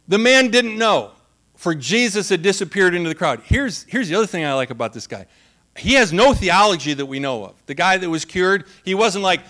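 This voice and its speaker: A man's voice: high voice, fairly bright tone. A man preaching a conversational sermon, humorous and laughing often as he retells the story. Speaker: pastor.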